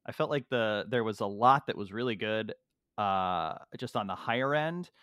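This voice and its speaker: A man's voice: on the low side, lively intonation, moderate pace, a bit bright, no echo, studio quality. Jokey rambling male podcast host. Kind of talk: casual chat. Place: at home in the US. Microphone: remote call recording.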